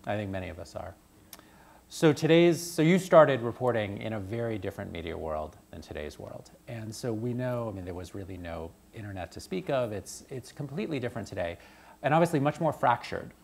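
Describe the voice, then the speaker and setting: A man moderating an onstage interview, asking measured questions with brief affirmations. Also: lowish voice, lively intonation, vocal fry, darkish tone.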